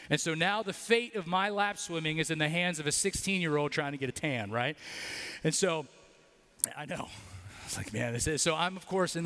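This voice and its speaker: A man's voice: on the high side, fairly bright tone, in a large hall. A man preaching a sermon in a church, telling a personal story with casual fillers and leading a prayer. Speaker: pastor. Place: church building.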